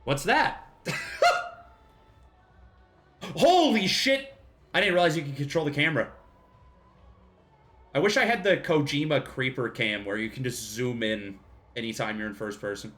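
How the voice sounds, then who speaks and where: A man riffs through a live gameplay stream in a lively voice that bounces up and down in pitch. He jokes constantly, laughs a lot and swears casually. Faint game music plays behind him. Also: unhurried, long pauses. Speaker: streamer playing a video game.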